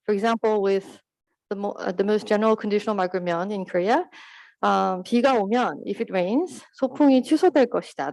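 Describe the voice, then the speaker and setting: Woman, conference presenter, academic talk, slightly high pitch, self-corrections. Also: darkish tone, dry recording, low-quality recording. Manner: explanatory, with fillers and self-corrections.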